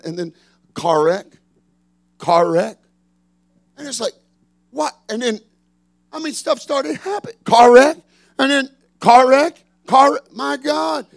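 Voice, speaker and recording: A middle-aged man, a pastor preaching a sermon, swinging from shouted refrains to chatty storytelling. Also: high-pitched, lively intonation, moderate pace, vocal fry, long pauses.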